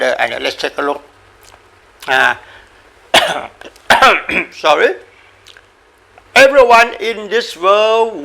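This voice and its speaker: Gravelly, bright-voiced man giving a dharma talk. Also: sits high. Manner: repetitive, halting, coughs and says sorry, playful animal sounds. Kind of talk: informal spoken dharma talk.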